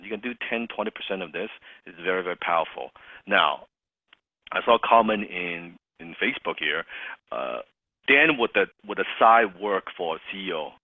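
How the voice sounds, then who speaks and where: A man's voice: fairly low pitch, no echo. A man coaching salespeople on a call, acting out sighs and bits of dialogue as he explains. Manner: animated, acts out sighs and dialogue. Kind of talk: coaching call with role-play examples. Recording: phone-like call audio.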